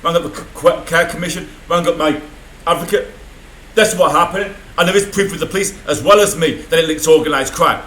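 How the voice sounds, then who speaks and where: A man's voice: fairly high pitch, fairly quick, a bit bright, reverberant, poor audio. A man rambling through an unscripted video diary from a room in a mental health hospital, swearing often. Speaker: vlogger.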